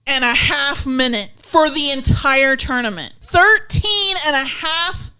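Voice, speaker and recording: Bright, high-voiced woman ranting. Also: animated, slow pace. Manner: blunt, exasperated ranting. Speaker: podcast co-host. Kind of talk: casual wrestling chat.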